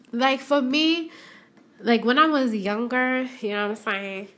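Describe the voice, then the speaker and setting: A woman's voice: high voice, slow pace, a bit bright. A young adult woman hosting a casual solo podcast, chatting and repeating herself as she talks straight to listeners from her shop. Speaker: podcast host. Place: shop, stepping in and out of doors.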